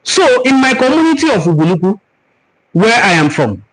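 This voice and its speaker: High-voiced Nigerian man teaching earnestly. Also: sing-song, normal speed, a bit bright, rough recording. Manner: earnest, preaching, repeats words for emphasis. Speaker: host of a cultural forum. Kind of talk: live-stream teaching and answering viewer comments.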